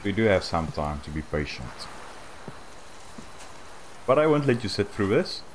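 Very low-voiced gamer talking softly. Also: male voice, big pitch swings, measured pace, noisy background. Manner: soft-spoken, slightly awkward rambling. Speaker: gaming channel host. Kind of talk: casual gameplay commentary.

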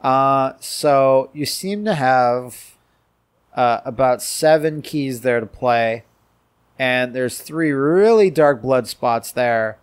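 A man's voice: medium pitch, slow pace, clean tone. A man joking and rambling in casual commentary while playing a video game. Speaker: let's play commentator.

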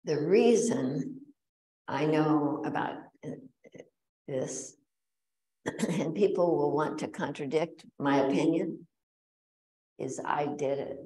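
Low-voiced woman speaking in a roomy hall. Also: warm tone. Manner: earnest, conversational, pauses with fillers. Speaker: guest speaker at a bird society meeting. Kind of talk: public talk with personal anecdotes. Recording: roomy echo.

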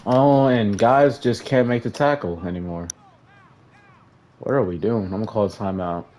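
A man's voice: fairly low pitch, normal speed, a little hiss or hum. A young man casually commenting on his own football video game play, talking to the players on screen and sighing in frustration. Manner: frustrated, talks to players on screen, flat sighs between outbursts. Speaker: gaming YouTuber.

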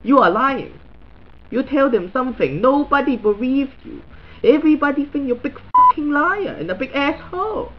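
A man in a very high-pitched, animated voice rants at normal speed as a crude, blunt middle-aged Chinese man who's new to social media. It's a comedic monologue in broken English with stuttering repeats, recorded with the highs cut off and slight background noise.

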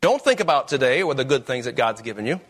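A man's voice: medium pitch, very animated, quick pace, a bit bright. A man preaching a sermon as pastor, with emphatic, rising questions.

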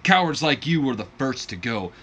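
A man voicing a fired-up war-veteran wrestler cutting a loud, taunting promo. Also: medium pitch, very animated, moderate pace, slight background noise.

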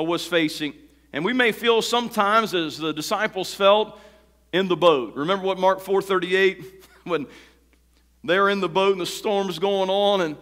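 A man preaching a sermon as pastor in a folksy, stop-and-start way, sometimes raising his voice sharply. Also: a little high. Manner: folksy, repetitive restarts, rises to shouting when acting out quotes. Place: church sanctuary. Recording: long church reverb.

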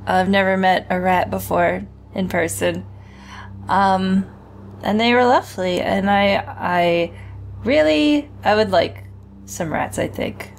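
A woman's voice: medium pitch, slow, gravelly, slight background noise. A woman streaming a horror game, reacting with jittery swearing and nervous laughter and reading game text aloud. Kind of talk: live gameplay commentary.

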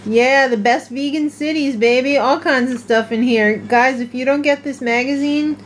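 Woman, vlogger, casual chat, animated storytelling, slightly high pitch, light background hiss. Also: moderate pace. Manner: chatty, animated storytelling with laughs.

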